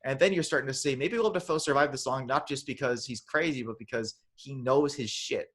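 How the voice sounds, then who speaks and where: A man retells a film in casual podcast chat. He rambles and restarts, sometimes slipping into exaggerated voices for the characters. His voice sits at an ordinary middle pitch. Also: fairly quick, fairly bright tone, slightly rough. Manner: rambling, many restarts, acts out lines in funny voices. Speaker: podcast co-host.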